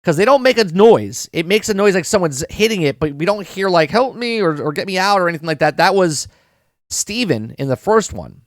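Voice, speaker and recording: A man's voice: sits high, lively intonation, brisk, no room sound, studio quality. Chatty man rambling through a show review. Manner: rambling, repeats words, addresses chat, swears casually. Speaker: podcast host reviewing a TV episode. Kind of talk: casual live-stream review.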